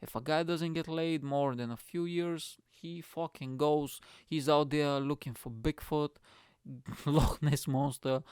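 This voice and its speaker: A man, a comedian hosting his own show, ranting in a profane, animated way about people he finds baffling. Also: mid-range voice, smooth, no echo, studio quality. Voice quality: profane, fast-swinging rant. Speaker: comedian host. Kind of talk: comedic rant.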